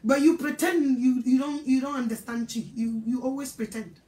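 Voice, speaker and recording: High-voiced Ghanaian woman preaching. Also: steady tone, normal speed, warm tone, roomy sound. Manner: scolding, emphatic preaching. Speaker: evangelist. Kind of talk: sermon.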